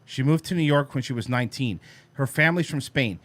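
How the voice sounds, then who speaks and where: A man's voice: medium pitch, a little fast, fairly bright tone, no room sound. A man co-hosting an online talk show, reading out an article and mocking it in sarcastic asides. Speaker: co-host. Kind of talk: casual commentary on clips.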